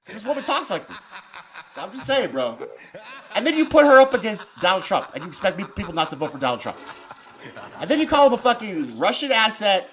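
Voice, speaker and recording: A man hosting a casual political talk show, ranting in an animated, profane way. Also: high voice, fast. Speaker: podcast host.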